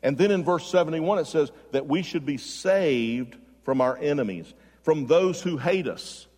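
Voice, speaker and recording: A man's voice: on the high side, animated, measured pace, a little mellow, slightly rough. Preaching man in a reverberant hall. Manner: preaching with rising emphasis, direct questions to the congregation. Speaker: pastor. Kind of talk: sermon.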